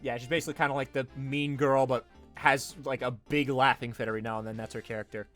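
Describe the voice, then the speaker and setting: A man's voice: mid-range voice, faint music behind. A man hosting a let's play who chats casually and animatedly with a guest. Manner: animated, quick to laugh. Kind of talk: casual gameplay chat.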